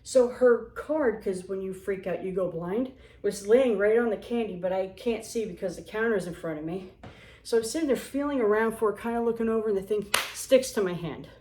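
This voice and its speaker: A woman in her forties tells a story in a casual, sarcastic way, acting out the people in it. Her pitch sits in the middle range. The room around her has a noticeable echo. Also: fairly quick, slight background noise. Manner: animated, sarcastic, acts out quotes. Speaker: vlogger. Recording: roomy echo.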